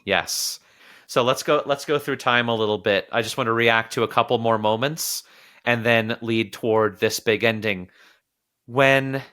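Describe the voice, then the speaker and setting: A man hosting a podcast, talking about a film in an animated, casual way and sometimes quoting characters in little acted voices. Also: mid-range voice. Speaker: podcast host.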